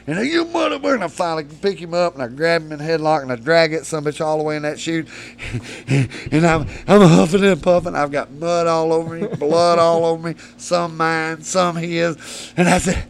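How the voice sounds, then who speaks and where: Man, 40s, podcast guest; profane rowdy storyteller, pitch a touch high, faint noise under the track. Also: steady tone, normal speed. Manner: profane, laughs mid-story.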